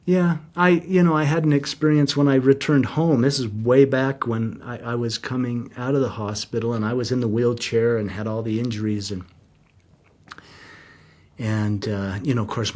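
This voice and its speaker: Earnest middle-aged man telling his story. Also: mid-range voice. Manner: earnest, heartfelt, reflective. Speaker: guest. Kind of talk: personal storytelling in an interview.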